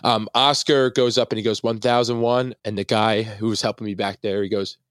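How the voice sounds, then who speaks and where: A young man from the Philadelphia area, a guest public speaker, telling an excited story and acting out the lines he quotes. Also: brisk, no room sound, clean studio sound. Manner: animated, acts out quotes with big jumps in pitch.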